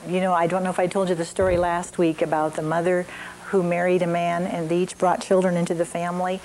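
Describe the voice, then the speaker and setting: A woman's voice: on the low side, flat delivery, quick pace, darkish tone, slight background noise, poor audio. An older woman leading an evening parenting class, telling stories and examples with frequent fillers.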